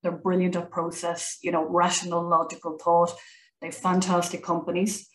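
A woman's voice: on the low side, monotone, normal speed, echoey room, low-quality recording. A woman, a college founder chatting as an interview guest, talkative with many fillers and restarts. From Ireland. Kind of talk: conversational interview.

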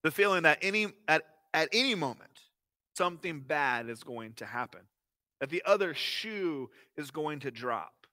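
A man's voice: a little high, expressive, moderate pace, bright, forceful tone, no echo. A man in his thirties preaching a sermon as pastor, telling stories expressively with fillers and restarts.

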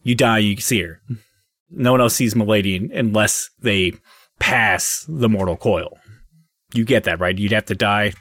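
A man's voice: fairly low pitch, a little slow, a bit bright, no echo, clean studio sound. A man voicing a stern male afterlife records clerk who speaks bluntly and by the rules. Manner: blunt, bureaucratic.

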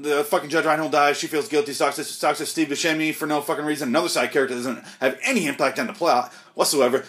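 A man's voice: fairly high pitch, a bit bright, poor audio. A man giving an angry, profane, unscripted movie review, ranting with exasperation and mocking the characters.

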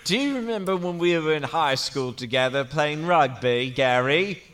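A man voicing a hammy Englishman reminiscing about school rugby, with an exaggerated, loud British accent. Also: fairly high pitch, expressive, normal speed, voice pushed up. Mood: nostalgic.

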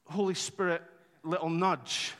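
A man preaching a sermon, telling stories in an animated, conversational way with touches of humour. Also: on the high side, unhurried. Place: church hall. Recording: long hall reverb.

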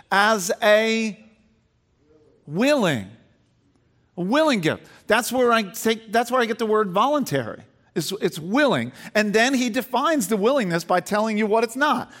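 Male pastor, high voice, sermon in a reverberant sanctuary. Emphatic, questions the congregation, restarts phrases. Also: fairly bright tone. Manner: emphatic preaching that rises in pitch and volume as he builds. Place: church sanctuary with long reverb.

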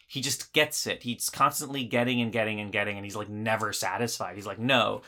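A man's voice: fairly low pitch, steady tone, a little fast, pushed and bright. A man in a casual film discussion, picking a movie apart with sarcasm and plenty of fillers. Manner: critical, sarcastic, many fillers and restarts. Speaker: podcast co-host.

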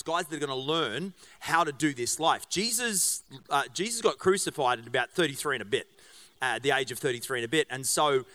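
A man's voice: fairly high pitch, pushed and bright. A middle-aged man, a pastor giving a casual sermon in a church, chatty and joking, with many fillers and restarts. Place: church auditorium.

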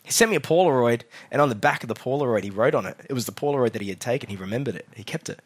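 A young man giving a sermon as a guest preacher, telling his own story quietly and then rallying the congregation loudly. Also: lively intonation, racing, breathy edge. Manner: drops soft and low for the story, then loud and rousing with the crowd. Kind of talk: sermon with personal testimony. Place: church hall.

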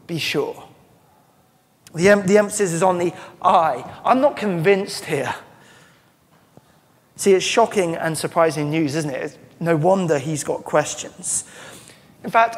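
A man preaching a sermon as pastor, earnest and emphatic, often restarting his phrases. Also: a little high. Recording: long church-hall reverb.

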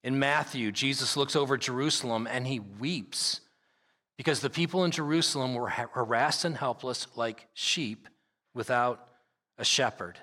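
A male pastor delivers an emphatic sermon in a clear, ringing voice. He reads scripture at length and hammers key phrases by saying them twice. The sound lingers with a long reverb in a large church sanctuary. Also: mid-range voice, moderate pace, sharp tone. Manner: emphatic preaching with repeated phrases.

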